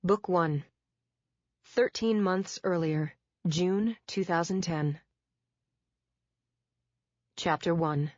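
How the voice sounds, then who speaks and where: Woman narrator, low voice, wry and measured first-person read; dull, dry studio sound. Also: a little mellow, no echo. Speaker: audiobook narrator.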